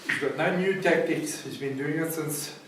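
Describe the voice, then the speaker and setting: A man's voice: on the high side, moderate pace, fairly bright tone, slight background noise. Echoey South African man preaching to a class. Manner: emphatic, keeps asking "see what I'm saying?". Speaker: recovery centre teacher. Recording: very echoey room, mic far off.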